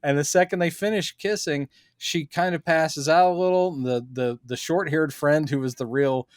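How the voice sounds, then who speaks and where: A man's voice: a little high, moderate pace, dry recording, studio quality. A man, a podcast co-host, chatting casually as he recaps a film and acts out the characters' lines in funny voices.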